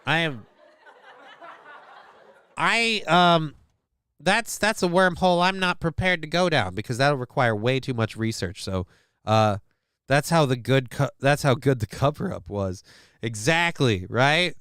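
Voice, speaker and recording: A man's voice: medium pitch, lively intonation, a little slow, long pauses, fairly bright tone, clean tone, no room sound, clean studio sound. A man hosting a livestream, reading news stories aloud to his chat and cutting in with sarcastic, profane jokes. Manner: sarcastic, profane, joking asides. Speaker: livestream host.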